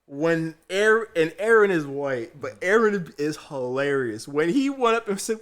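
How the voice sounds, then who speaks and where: A young man chats on a podcast, telling a long story from his job as a chef. He acts out each person he quotes and keeps dissolving into laughter. His voice sits slightly higher than most men's. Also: big pitch swings, normal speed, hardly any pauses, fairly bright tone. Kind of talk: casual chat, storytelling.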